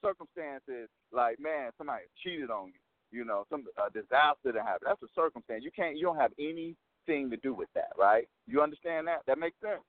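A man's voice: medium pitch, lively intonation, brisk. A man who works as a motivational coach, telling a story in an interview in an emphatic way, repeating his points and checking in with the listener. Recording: dry phone-line sound.

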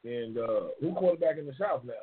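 A man's voice: medium pitch, lively intonation, a little fast, breathy edge. A man hosting a casual live-stream talk show in a loose, slangy, rambling manner, repeating his phrases. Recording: tinny phone-like line.

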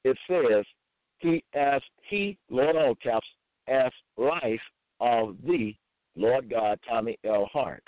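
Man, preacher, reads scripture slowly and formally; tinny, dry, phone-like sound. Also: mid-range voice, no echo. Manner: slow, deliberate, formal scriptural cadence. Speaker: self-styled religious preacher. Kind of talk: reading scripture verses aloud.

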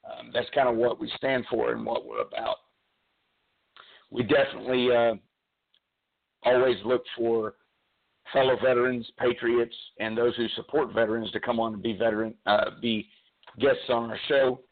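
A man hosting a talk radio show, speaking earnestly with many pauses and fillers while losing his voice, calling in by cell phone. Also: medium pitch, level tone, creaky. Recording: tinny cell phone line.

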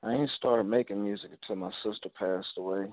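A man from Alabama with an Alabama twang, a rapper guest talking casually in laid-back slang and giving shout-outs. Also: on the low side, brisk, no echo. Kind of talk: casual interview over a call. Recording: tinny phone-like call audio, dry.

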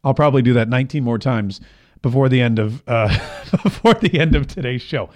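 A man's voice: medium pitch, animated, fairly quick, darkish tone. A man hosting a casual political commentary show, chatty and opinionated, often restarting his sentences.

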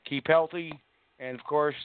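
Male radio host with a smooth voice on a phone line, quick announcements. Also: a little high, fairly even intonation, dry recording. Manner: quick announcements with many fillers. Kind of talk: live radio hosting. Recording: tinny phone line, dry.

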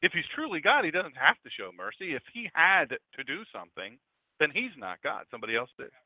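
A man's voice: on the high side, wildly swooping pitch, a little fast, no room sound. A man in his fifties from Delaware, a pastor preaching a conversational radio sermon with chatty, joking asides to his audience. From Delaware, USA. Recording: dry, tinny phone-like sound.

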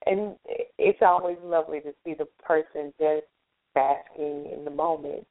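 A woman's voice: sits low, steady tone, normal speed. A woman co-hosting a casual call-in talk show, telling workplace stories and acting out what coworkers say. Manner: storytelling, acts out coworkers' lines. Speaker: co-host. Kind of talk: casual chat. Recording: tinny phone-line call-in audio.

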